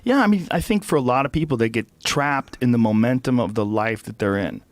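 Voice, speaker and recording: A man's voice: mid-range voice, expressive, fairly quick, no echo. A man hosting a casual interview, reflective, with hesitant starts. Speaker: interview host. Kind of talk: casual conversation.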